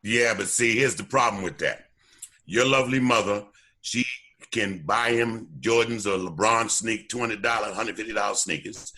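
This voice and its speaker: A man, a documentary co-producer and former youth coach, talking casually in a radio interview as an animated storyteller who often repeats his words while getting going. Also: lowish voice, normal speed.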